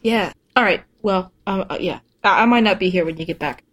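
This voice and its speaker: A woman's voice: medium pitch, brisk, a bit bright, close to an everyday voice. A woman playing a broke, wisecracking freelancer. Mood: casual. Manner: hesitant, full of fillers, joking.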